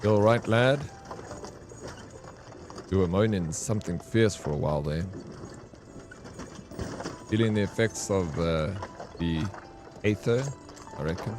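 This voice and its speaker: A man's voice: deep voice, unhurried, pauses often, music in the background. Old peddler, male, chatty and folksy, rambling; read aloud by a male streamer. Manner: rambling, folksy, homely talk.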